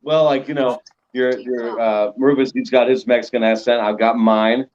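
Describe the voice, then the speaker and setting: A man chatting loosely as a comedian guest, telling animated little stories. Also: medium pitch, moderate pace, muffled recording. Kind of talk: casual comedy chat.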